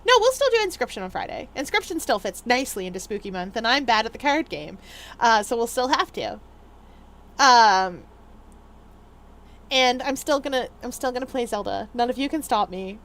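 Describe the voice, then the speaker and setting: A woman's voice: on the high side, animated, normal speed, fairly bright tone. A young adult woman chatting casually to her viewers on a gaming livestream, in a rambly way with lots of fillers. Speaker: streamer.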